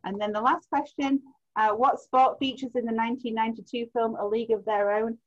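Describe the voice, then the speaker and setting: A woman's voice: on the high side, steady tone, a little fast. A woman hosting a quiz night on a video call, reading out answers in a chatty way and laughing easily. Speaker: quiz host. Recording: muffled lo-fi video call audio.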